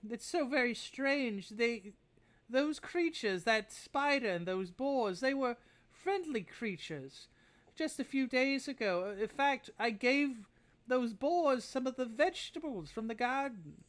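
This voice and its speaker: A game master voicing a kindly, scatterbrained old woman who talks slowly and gently, like a grandmother. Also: mid-range voice, animated, pitched above the performer's own voice. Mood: worried. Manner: frail, slow and motherly.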